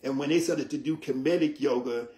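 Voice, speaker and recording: A man's voice: mid-range voice, warm tone. Teacherly man in a roomy echo. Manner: measured, teacherly, with frequent "right?" check-ins. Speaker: yoga teacher. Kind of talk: explanatory interview talk.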